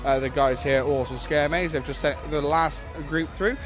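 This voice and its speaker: A man's voice: a little high, steady tone, normal speed. A man hosting on location, upbeat and heavy on fillers as he interviews guests. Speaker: host, reporter. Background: faint music.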